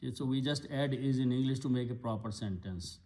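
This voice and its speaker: A man's voice: medium pitch, quick pace, warm tone. A man teaching Arabic grammar of scripture in a patient lesson, explaining step by step and repeating key words. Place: Islamic center classroom.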